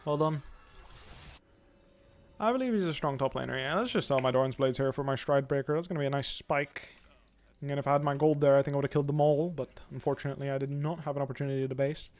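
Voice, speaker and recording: A young man giving live commentary while playing a video game, thinking aloud in a calm, analytical way. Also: medium pitch, fast talker. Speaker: pro gamer streaming.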